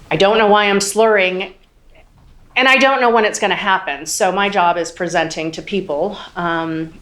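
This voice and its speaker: A woman's voice: on the low side, fairly bright tone. A woman in her forties giving courtroom testimony as a witness, hesitant and full of ums, near tears at times. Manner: hesitant, many ums, quotes others. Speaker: trial witness.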